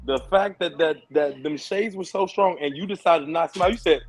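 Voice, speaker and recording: A man co-hosting a podcast, chatting casually with animated jokes and frequent swearing. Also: a little high, brisk, very noisy. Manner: animated, joking, swears freely. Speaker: podcast co-host. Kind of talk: casual chat.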